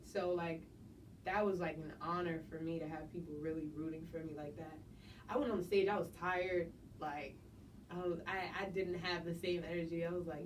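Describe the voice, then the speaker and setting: A young woman from New Jersey, guest artist in a casual interview, laid-back and quick to laugh, saying "like" a lot. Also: lowish voice, steady tone. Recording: distant mic with faint noise.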